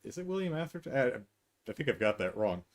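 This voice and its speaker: A man's voice: medium pitch, very animated, fast. A middle-aged man hosting a podcast, talking through a film in a casual, sarcastic, exasperated monologue. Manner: exasperated, sarcastic, mocking acted quotes. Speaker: podcast host. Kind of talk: casual movie review monologue.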